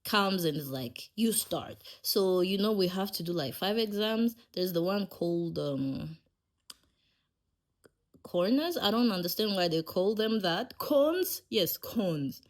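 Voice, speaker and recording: A young woman from Rwanda tells a personal story in an easy, chatty way. Her voice sits slightly low, and she laughs often and restarts her sentences as she goes. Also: lively intonation, a little slow. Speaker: podcast host. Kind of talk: casual storytelling.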